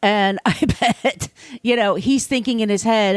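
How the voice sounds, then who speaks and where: A woman's voice: mid-range voice, expressive, fairly quick, no room sound. A woman co-hosting a podcast in casual chat, acting out quotes with plenty of fillers. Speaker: podcast co-host.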